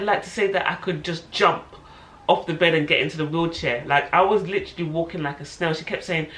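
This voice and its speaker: A woman in her thirties telling a personal story to camera in a casual, animated way, acting out what other people said. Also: fairly low pitch, a little fast. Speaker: vlogger, mother. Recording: echoey room with faint noise.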